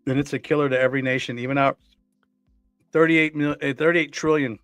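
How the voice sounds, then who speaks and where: A man's voice: on the high side, fairly even intonation, brisk, a bit bright, smooth, no echo. Man, talk show co-host, earnest, restarts often, dry voice, faint music behind. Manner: earnest, repeats words and restarts. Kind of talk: casual conversational commentary.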